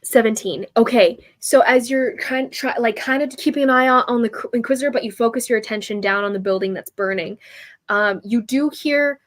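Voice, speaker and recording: A woman narrating a tabletop role-playing game as game master, in lively, chatty speech with quick voiced asides. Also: a little high.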